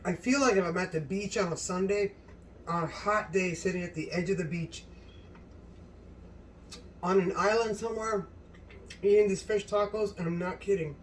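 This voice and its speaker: A woman's voice: medium pitch, fairly even intonation, moderate pace, long pauses, a little hiss or hum. Gushing woman cooking, mic at a distance. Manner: gushing and exclamatory, talks straight to viewers. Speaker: cooking channel host. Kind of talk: casual cooking demonstration. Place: home kitchen.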